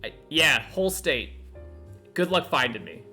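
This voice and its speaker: A man's voice: fairly high pitch, big pitch swings, a little slow, pushed and bright, soft background music. A man from North Carolina streaming a detective game, chatting casually, joking and laughing often. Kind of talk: casual gameplay commentary.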